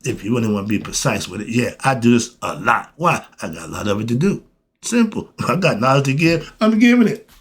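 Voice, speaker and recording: A man's voice: mid-range voice, sing-song, brisk, husky. A man giving a blunt, emphatic spiritual monologue in casual slang, asking questions and answering them himself. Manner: emphatic, asks and answers his own questions; colloquial, blunt. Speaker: host.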